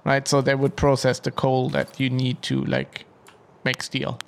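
A man co-hosting a podcast, chatting casually outdoors, rambling and halting with many fillers and restarts. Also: medium pitch, completely flat delivery, gravelly, slight background noise. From Germany. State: out of breath. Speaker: podcast co-host. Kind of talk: casual chat. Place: outdoors at an industrial park.

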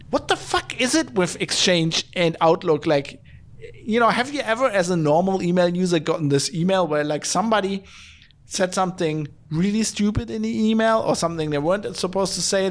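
A man hosting a podcast, ranting in exasperated, profane bursts full of restarts and fillers. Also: sits high. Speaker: podcast host.

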